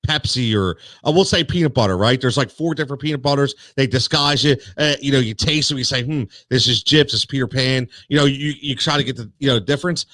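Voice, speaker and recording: A man's voice: mid-range voice, fast talker, hardly any pauses, fairly bright tone, dry recording. A man hosting a sports talk show, ranting in a heated, worked-up way with many restarts and repeated words.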